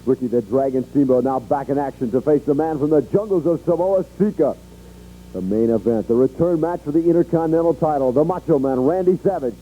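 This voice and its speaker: A male announcer reading a measured, hyping event promo. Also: a little high. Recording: tinny phone-like audio with music.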